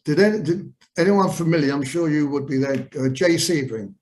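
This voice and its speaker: A man's voice: a little high, a little fast, darkish tone, poor audio. Rambling older man telling stories. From England. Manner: rambling, anecdotal, with many fillers. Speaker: guest. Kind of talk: storytelling interview.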